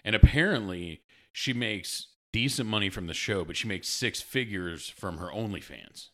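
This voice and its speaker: A man's voice: on the low side, expressive, moderate pace. A man co-hosting a podcast in casual chat, joking and giggly, jumping from one topic to the next. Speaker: podcast co-host.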